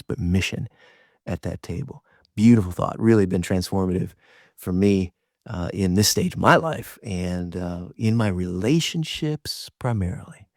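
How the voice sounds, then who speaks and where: Low-voiced middle-aged man in reflective talk. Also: darkish tone, no echo, studio quality. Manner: conversational, with frequent restarts and repeated words. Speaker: host. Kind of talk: reflective faith-based talk.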